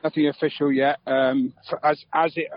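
A man's voice: fairly high pitch, little pitch movement, normal speed, a little hiss or hum. Easygoing man, slightly dull sound. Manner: easygoing, chatty, with frequent fillers. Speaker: club secretary interviewed on local radio. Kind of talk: casual phone interview.

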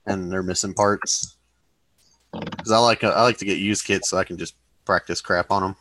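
A man's voice: low voice, steady tone, normal speed, a bit bright. A man chatting casually about building model kits, easygoing and rambling. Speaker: model kit hobbyist on a group chat show. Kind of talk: casual chat.

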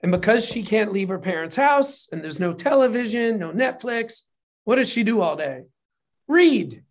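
A speaker in a casual conversation, telling a history story in an animated, profane way and getting emotional at times. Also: medium pitch, normal speed. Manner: gets emotional while telling it. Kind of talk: casual chat.

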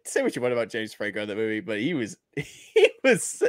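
Excitable stammering man, very lively pitch. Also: fairly quick, no room sound, studio quality. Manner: excitable, stammering, quotes movie lines in put-on voices. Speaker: podcast co-host. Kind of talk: casual movie chat.

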